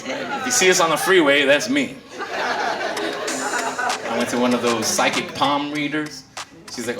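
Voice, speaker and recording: A man's voice: mid-range voice, expressive, measured pace, pauses often, echoey room. Brash man in his fifties on stage. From Philippines. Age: 50s. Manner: brash, profane, laughing at own jokes. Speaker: stand-up comedian. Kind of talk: stand-up comedy set. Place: casino stage before a live audience. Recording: stage mic heard from a distance, loud crowd and music. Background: laughing crowd and music.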